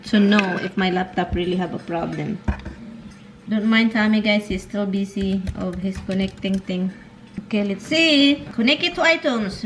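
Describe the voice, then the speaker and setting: With a medium-pitched, slightly bright voice, a Filipino-accented woman from the Philippines vlogs casually to camera, giggling frequently as she shares stories about her husband. There is slight background noise.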